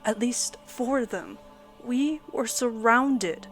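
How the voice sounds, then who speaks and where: Woman narrating a horror story. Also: a little high. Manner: dramatic, measured storytelling. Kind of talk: scripted first-person narration. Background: soft background music.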